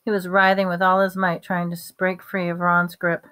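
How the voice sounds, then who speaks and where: Woman reading a novel aloud, lowish voice. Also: moderate pace, clean tone. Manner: steady reading with small slips and restarts. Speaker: reader.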